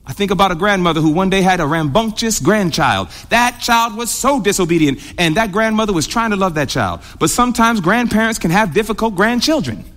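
A man preaching a sermon in a high, lively voice that climbs and drops with emphasis. He stretches key words and keeps asking the congregation to answer him. A long hall reverb trails every line. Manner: drawn-out emphatic delivery with big swings.

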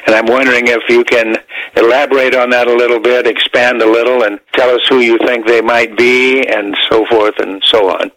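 A man's voice: medium pitch, little pitch movement, normal speed, fairly bright tone, no echo, low-quality recording. A man calling in to a radio show with a Bible question, speaking hesitantly with several "uh" fillers and restarts. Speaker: caller.

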